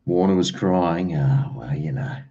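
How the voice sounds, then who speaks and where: Australian male streamer, low mellow voice, chatty rambler, muffled home recording. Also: unhurried. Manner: rambling, chatty, uses slang and mate. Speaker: livestream host. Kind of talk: casual chat with live viewers. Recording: dull lo-fi stream audio.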